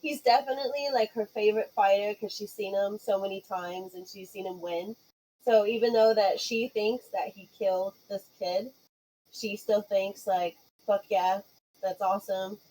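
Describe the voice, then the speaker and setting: A woman's voice: mid-range voice, steady tone, moderate pace, dark tone, low-quality recording. A woman playing a tabletop game, talking casually and enthusiastically with some swearing. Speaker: player.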